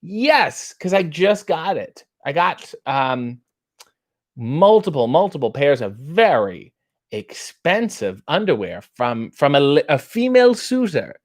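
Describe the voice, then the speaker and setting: A man's voice: a little high, big pitch swings, slow pace. A man hosting a casual live chat, reading viewer questions and answering with wry, self-mocking jokes.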